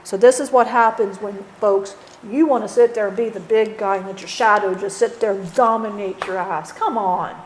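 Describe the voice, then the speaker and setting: A woman's voice: medium pitch, steady tone, normal speed, few pauses, a little hiss or hum, lightly acted. A woman channeling the spirit of a dead man, who rambles bluntly, swears and keeps saying "you know". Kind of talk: channeling session.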